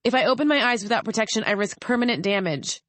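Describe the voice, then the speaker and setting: A woman's voice: fairly high pitch, quick pace, fairly bright tone, no room sound, pitched above the performer's own voice, close to an everyday voice. A woman voicing a defiant young female journalist in an audiobook, clipped and angry.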